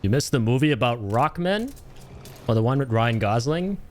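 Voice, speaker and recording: A man streaming a video game live, chatting with his viewers, swearing and yelling at the game as he plays. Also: mid-range voice, normal speed, slight background noise. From Canada. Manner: excitable, swears and yells at the game. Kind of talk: casual live-stream gaming chat.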